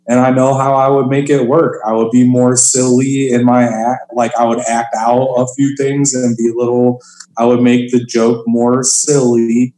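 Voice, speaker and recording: A man's voice: mid-range voice, flat delivery, moderate pace, warm tone. Male stand-up comic guest, loose conversational delivery, mid-range voice, roomy reverb. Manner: chatty, fills with "like" and "you know". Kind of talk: casual podcast conversation.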